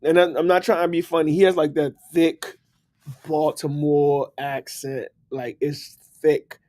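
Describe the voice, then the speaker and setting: A man's voice: fairly high pitch, level tone, normal speed, darkish tone. A man with a DC accent chatting casually on a livestream, laughing and talking straight to his viewers. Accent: Washington DC. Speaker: livestream host and book writer.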